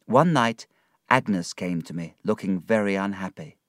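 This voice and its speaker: A man narrating a storybook in a measured, expressive reading style. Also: low voice, dry recording, studio quality.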